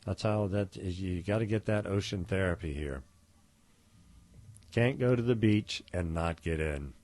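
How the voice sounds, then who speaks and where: A man's voice: low voice, unhurried, darkish tone. A man hosting a podcast, talking in a casual, rambling way with lots of fillers and restarts. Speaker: podcast host. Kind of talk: casual solo podcast monologue.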